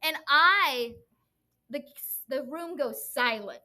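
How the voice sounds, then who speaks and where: A woman's voice: sits high, slow pace. A woman teacher co-hosting a podcast, telling funny classroom stories in casual chat and acting out the quotes. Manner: animated storyteller acting out quotes, laughs often.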